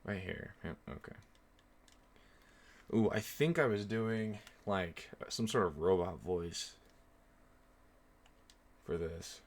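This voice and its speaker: Low-voiced young man streaming a game. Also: takes it slowly, long pauses, slight background noise. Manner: rambling, many ums, chatty with viewers. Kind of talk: casual live-stream commentary.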